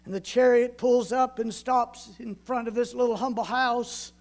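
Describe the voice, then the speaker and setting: A male preacher with a very high voice for a man retells a scripture story in a sermon. He paints the scene vividly and turns to the congregation with rhetorical questions. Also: steady tone, moderate pace, a little mellow.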